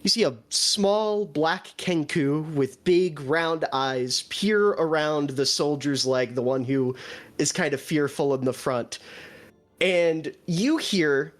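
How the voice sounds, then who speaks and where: A man narrating a tabletop role-playing game as game master, describing scenes in an animated way. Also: a little high, takes it slowly, soft background music.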